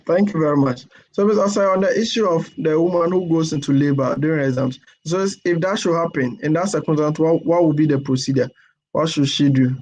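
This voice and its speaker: Guy moderating, reads questions out politely, kinda high voice, repeats words. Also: brisk, darkish tone, lo-fi sound. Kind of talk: webinar moderation.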